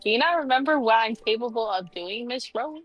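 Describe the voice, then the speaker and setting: A woman's voice: on the high side, lively intonation, fairly quick, lo-fi sound, faint music behind. A woman guest on a livestream, chatting casually and rambling with lots of fillers. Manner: rambling, full of fillers like "you know". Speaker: guest streamer.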